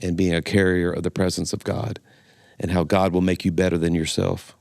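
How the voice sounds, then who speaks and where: A man's voice: low voice, little pitch movement, fairly quick, gravelly, a little mellow, no echo, studio quality. A middle-aged man from Louisiana, a pastor and guest telling folksy stories in a casual interview. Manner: folksy storyteller, laughs easily.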